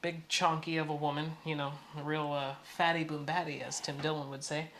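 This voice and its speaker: A man's voice: fairly high pitch, fairly quick, noisy background. A man co-hosting a podcast, casually telling a story and acting out the people in it. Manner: animated storyteller, acts out quoted people. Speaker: podcast co-host.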